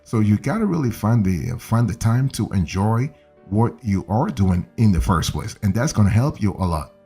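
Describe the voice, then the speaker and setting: Older male voice coach in his seventies, low and husky, chatty teaching, soft music under. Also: very animated, normal speed. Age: 70s. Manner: conversational, repeats and restarts phrases, coaxing "okay?". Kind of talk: casual instructional talk.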